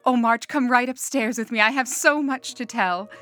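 A woman who is a guest reader, giving a measured and clear reading of poems. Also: on the high side, fairly bright tone, soft background music. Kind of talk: poetry reading.

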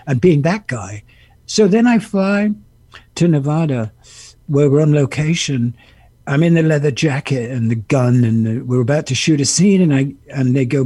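A man in his seventies, a guest actor and musician, telling animated stories with laughter and impressions in an interview. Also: on the high side, unhurried, husky, no echo. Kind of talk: interview storytelling.

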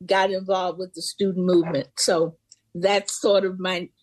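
Older woman, interview guest, lively storyteller, dry close sound. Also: lowish voice, moderate pace, dry recording. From Memphis. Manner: vivid storyteller, acts out voices in quotes. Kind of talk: personal storytelling.

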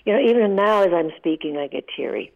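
A woman's voice: mid-range voice, expressive, quick pace. A woman in her eighties, a guest telling heartfelt stories in an emotional, vivid way during a radio interview. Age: 80s. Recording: tinny phone line.

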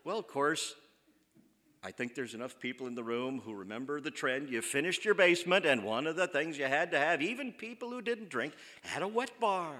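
Animated comic storyteller, man, bright tone. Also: fairly high pitch, normal speed, long reverb tail. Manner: animated, self-mocking, acts out quoted voices.

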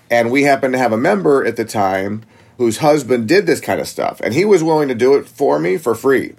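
A man in casual conversation, telling a story from his own life with plenty of restarts. His voice sits in an ordinary middle range and jumps up sharply when he retells a shock. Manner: animated, rises high when retelling shock. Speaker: gym owner, guest.

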